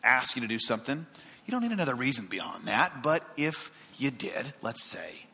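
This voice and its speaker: A male pastor delivering a sermon to his church, swinging from loud emphatic lines to hushed, quiet asides. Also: normal speed, breathy edge, big-room sound. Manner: animated preaching with wide pitch swings and hushed asides.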